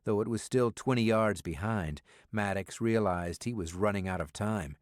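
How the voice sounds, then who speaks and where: Guy reading a spy thriller audiobook, lowish voice, steady and even, dry close sound. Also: dry recording. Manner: steady, measured storytelling. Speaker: audiobook narrator. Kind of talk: scripted thriller narration.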